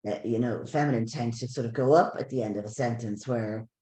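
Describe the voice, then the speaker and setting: A man hosting a webinar, talking in halting, self-correcting bursts and repeating words. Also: mid-range voice, dark tone. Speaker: webinar host. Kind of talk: casual chat. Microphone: video call. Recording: roomy echo on a call.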